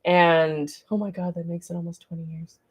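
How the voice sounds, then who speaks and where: A woman's voice: lowish voice, little pitch movement, normal speed, slightly rough, dull audio. A middle-aged woman casually chatting on a livestream about her art studio, rambling and greeting viewers as she reads their comments. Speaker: artist hosting a studio livestream.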